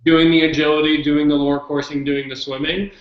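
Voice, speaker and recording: Male guest, relaxed explainer, mid pitch; roomy, dull-sounding recording. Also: fairly quick. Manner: easygoing, tags sentences with "right?". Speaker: guest, dog training facility owner. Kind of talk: casual interview chat.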